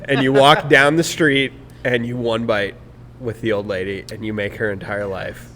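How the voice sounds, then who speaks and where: A man's voice: mid-range voice, steady tone, normal speed, fairly bright tone, big-room sound, slight background noise. A man hosting a podcast, teasing his guest with playful what-if jokes. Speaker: podcast host. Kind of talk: casual chat.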